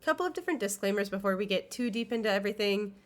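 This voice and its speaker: A woman's voice: mid-range voice, animated, very fast. A young woman hosting a video essay, talking in an earnest, enthusiastic way while sick, with a nasal, congested voice. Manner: earnest, enthusiastic, with occasional fillers. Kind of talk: scripted video essay commentary.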